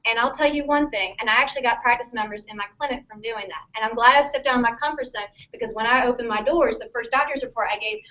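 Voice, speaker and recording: A woman's voice: a little high, fast talker, few pauses, bright, forceful tone. Woman chiropractor giving a chatty seminar talk. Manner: conversational, often checks in with a questioning "okay?". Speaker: chiropractor speaking to students. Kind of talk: practice-building seminar talk. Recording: distant, muffled mic.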